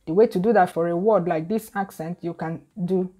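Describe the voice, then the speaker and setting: A woman's voice: on the low side, fairly quick, warm tone. A Nigerian woman with a Nigerian accent, chatting casually to her viewers and often repeating words as she restarts. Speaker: YouTuber. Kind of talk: casual talk to camera.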